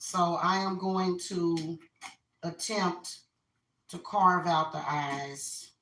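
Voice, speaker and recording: Venting woman, bright and roomy. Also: lowish voice, fairly even intonation, very slow, distant mic, a little hiss or hum. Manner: opinionated, venting, repeats herself. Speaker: spiritual reader and vlogger. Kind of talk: casual rant while carving a pumpkin. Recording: roomy echo, voice off-mic.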